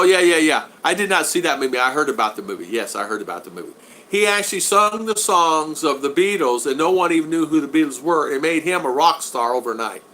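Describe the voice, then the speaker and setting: A man in his sixties with a bright, forward voice hosts a relaxed live stream from home. He chats loosely, answers his viewers and teases his regulars. A faint hiss sits under the recording. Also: medium pitch. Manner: chatty, reads out and answers viewer comments, friendly teasing. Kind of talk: casual live-stream chat. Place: at home in the Philippines.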